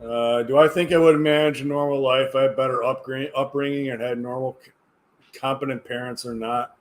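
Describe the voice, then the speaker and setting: A man's voice: mid-range voice, fairly even intonation, brisk. A tired man chatting casually on a livestream, rambling and hesitant, often trailing off into mumbles. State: tired, yawning. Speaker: livestreamer reading chat.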